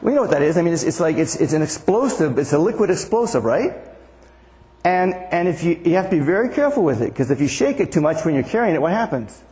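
A man's voice: a little high, very animated, quick pace, dark tone, long reverb tail. An older man giving a conversational sermon as pastor, often asking the congregation questions. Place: church.

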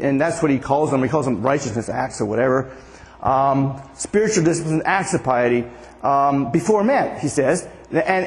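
A man's voice: a little high, darkish tone, in a large hall. An older man giving a conversational sermon as pastor, often asking the congregation questions. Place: church.

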